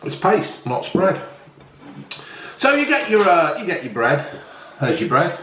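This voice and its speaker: A man's voice: a little high, sing-song, measured pace, fairly bright tone, a little hiss or hum. A man, chatting casually to viewers and swearing freely as he makes food at home. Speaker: vlog host. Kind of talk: casual cooking vlog chat. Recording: echoey room.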